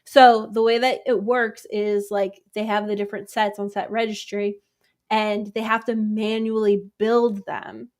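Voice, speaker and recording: A woman's voice: mid-range voice, flat delivery, measured pace, a little mellow. A woman co-hosting a casual podcast, talking in a chatty way with lots of fillers. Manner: chatty, uses many fillers like "like" and "um". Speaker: podcast co-host. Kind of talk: casual chat.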